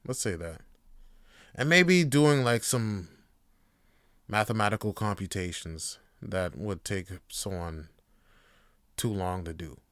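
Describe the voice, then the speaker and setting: A man's voice: on the low side, expressive, takes it slowly, long pauses, fairly bright tone, no echo, clean studio sound. A man hosting a casual podcast monologue, rambling with many fillers and some swearing. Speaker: podcast host.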